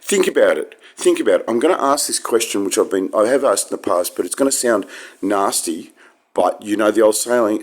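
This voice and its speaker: Very deep-voiced rambling man. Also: lively intonation, brisk. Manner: wry, digressive, with sudden emphatic pitch jumps. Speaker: vlogger. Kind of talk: rambling casual monologue.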